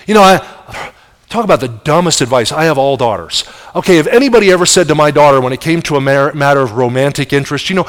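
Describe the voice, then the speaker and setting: A man's voice: on the high side, expressive, fast talker, fairly bright tone. A middle-aged man preaching a sermon, telling the story vividly and asking the audience rhetorical questions. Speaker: pastor. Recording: long reverb of large hall.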